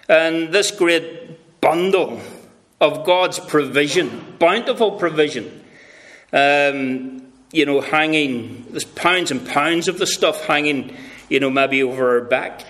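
A man's voice: on the high side, fairly bright tone. A man preaching a sermon, earnest and emphatic, with many rhetorical questions.

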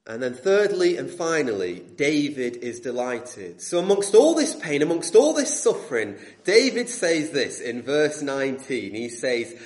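A man's voice: medium pitch, big pitch swings, moderate pace. Impassioned preacher man in an echoey church. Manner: swings between loud emphatic preaching and hushed intensity. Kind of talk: sermon.

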